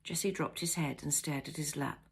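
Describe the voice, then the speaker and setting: Author reading her novel aloud, lower-pitched woman, unhurried storyteller. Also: steady tone, slightly rough. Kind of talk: storybook narration.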